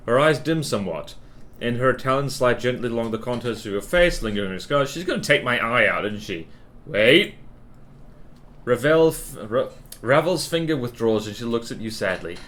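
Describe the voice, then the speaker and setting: A man's voice: medium pitch, lively intonation, moderate pace, fairly bright tone. Jokey male game streamer. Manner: jokey, reads game text aloud between quips. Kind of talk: casual gameplay commentary and reading game text.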